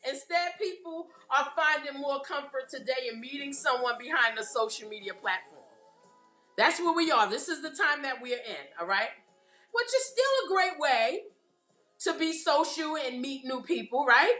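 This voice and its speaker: Brooklyn woman poet, chatty live host who keeps asking the audience "right?", a high voice. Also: expressive, moderate pace, sharp tone, roomy sound, faint music behind. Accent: Brooklyn New York. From Brooklyn, New York. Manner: chatty, often checks in with the audience. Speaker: poet hosting a live stream. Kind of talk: casual live-stream talk.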